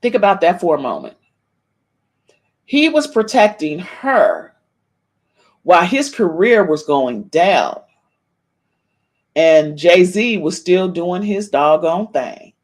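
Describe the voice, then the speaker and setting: Animated woman gossiping on a live stream. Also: on the low side, takes it slowly, long pauses. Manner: animated, reads chat comments aloud, shouts meow to viewers. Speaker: podcast host.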